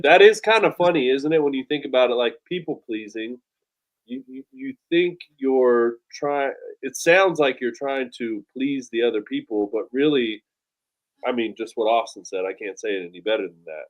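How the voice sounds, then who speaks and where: A man's voice: medium pitch, normal speed. A man co-hosting a podcast, telling stories animatedly, swearing and acting out his own thoughts. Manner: animated storyteller, swears a lot, acts out his own inner voice. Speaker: podcast co-host. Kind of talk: casual podcast chat.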